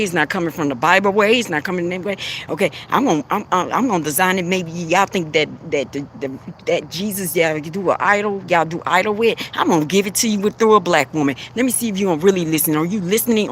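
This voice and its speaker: A woman's voice: on the low side, slight background noise. A woman giving an impassioned spiritual talk as a livestream host, preachy and repetitive. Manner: passionate, preachy, repeats herself.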